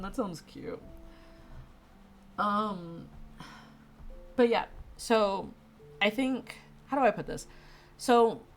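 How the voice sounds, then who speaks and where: A young woman streaming, congested and tired, chatting loosely with viewers and laughing often. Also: mid-range voice. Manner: rambling, frequent laughs and fillers. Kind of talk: casual chat with stream viewers. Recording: faint music behind.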